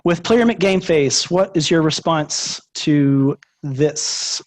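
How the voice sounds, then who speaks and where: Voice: medium pitch, takes it slowly. A host running a movie trivia game over a video call, chatty and upbeat.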